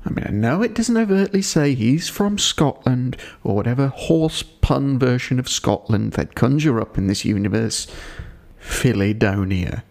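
A man's voice: mid-range voice, expressive, normal speed, gravelly, few pauses, darkish tone. A man hosting a podcast, giving a digressive episode review with dry, wry asides. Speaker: podcast host.

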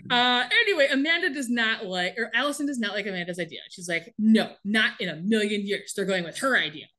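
Recapping a TV episode on a laid-back podcast, this female co-host sounds bright and forceful, her mid-range voice expressive and brisk. She laughs frequently while she retells the plot.

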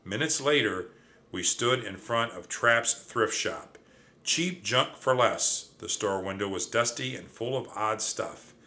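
A man narrating a children's storybook aloud with expressive first-person delivery. His voice is fairly low but bright and forward. He reads at an unhurried, drawn-out pace.

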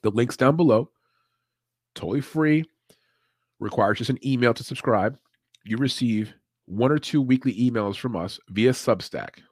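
A man's voice: mid-range voice, normal speed, pauses often, husky, dry recording, clean studio sound. A man hosting a casual livestream podcast, talking loosely with swearing and frequent laughs. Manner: loose, profane, laughs often. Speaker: podcast host.

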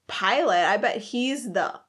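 A woman's voice: mid-range voice, lively intonation, slow pace, a bit bright, husky. A woman co-hosting a podcast, chatting easily about a movie, laughing often and trailing off mid-thought. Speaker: podcast co-host. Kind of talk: casual movie chat.

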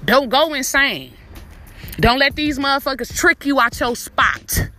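A woman's voice: high-pitched, unhurried, sharp tone. A woman in her twenties hosting a podcast, giving a profane, emphatic motivational pep talk straight to her listeners. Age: 20s. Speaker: podcast host.

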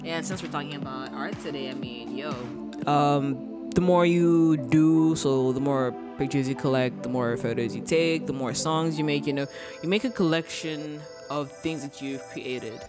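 A woman's voice: sits low, normal speed. A young adult woman hosting her podcast in a casual, upbeat way, full of "like" and "you know". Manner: chatty, upbeat, heavy use of "like" and "you know". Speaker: podcast host. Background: background music.

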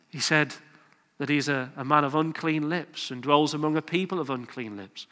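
Bright-voiced preacher in a reverberant church. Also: male voice, a little high, normal speed. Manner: earnest, rising to emphatic exhortation, acting out quoted voices. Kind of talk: sermon.

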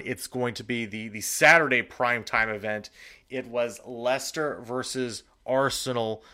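A man co-hosting a sports podcast, recapping match results in a steady, casual way with frequent ums. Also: medium pitch. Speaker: podcast co-host.

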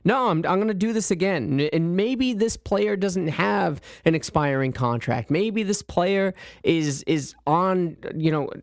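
Opinionated podcast host, mid pitch, dry close sound, builds to emphatic points. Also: lively intonation, a little slow, few pauses, no echo. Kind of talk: casual sports podcast chat.

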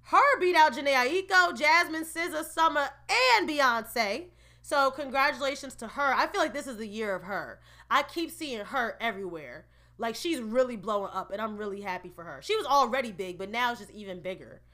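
A woman's voice: on the high side, expressive, fairly quick, pushed and bright. A woman vlogger giving a chatty, opinionated recap of an awards show, with laughing asides. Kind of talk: casual entertainment recap.

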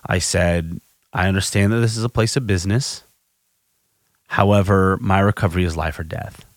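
Low-voiced guy talking candidly about recovery, lots of restarts, dry close sound. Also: fairly even intonation, moderate pace, dry recording. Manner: candid, self-reflective storytelling with frequent restarts. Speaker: podcast host. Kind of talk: personal recovery monologue.

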